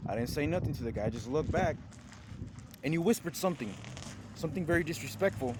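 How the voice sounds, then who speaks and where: A man's voice: on the high side, fast talker, background noise. A man giving an angry, rambling complaint to camera, indignant and repetitive, swearing as he goes. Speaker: vlogger filing a complaint.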